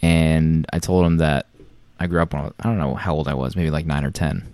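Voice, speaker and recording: A man's voice: very deep voice, steady tone, a little fast, a little mellow, no echo. A man in his thirties, a podcast co-host, chatting casually and rambling through anecdotes with many restarts. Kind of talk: casual chat.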